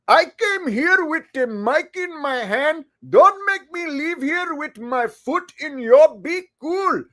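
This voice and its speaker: A man reading lyrics aloud in a put-on Indian accent, in a loud deadpan recitation. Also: very high-pitched, heavily acted.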